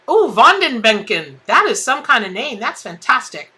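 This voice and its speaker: A woman's voice: on the high side, big pitch swings, normal speed, bright, forceful tone. A woman hosting a live tarot stream, chatting in a bubbly way and greeting viewers by name. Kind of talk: casual live-stream chat.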